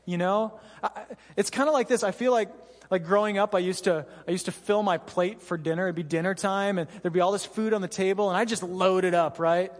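A man with a notably high voice preaches an earnest, conversational sermon to his congregation. He talks straight to the room and keeps tossing in "you know" and "right?" asides. His words ring out with the long reverb of a large church hall. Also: steady tone, fairly quick. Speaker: pastor.

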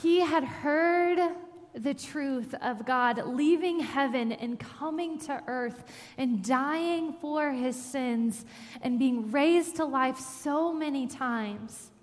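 A woman's voice: sits high, slow pace. A woman preaching a sermon, telling a personal story in an earnest way that builds to emphatic scripture reading. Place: church sanctuary. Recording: long hall reverb.

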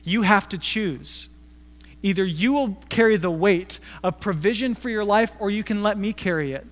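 A middle-aged pastor with a high-pitched voice preaches in a relaxed, storytelling way. His voice rings with the long reverb of a church hall. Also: moderate pace. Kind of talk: sermon.

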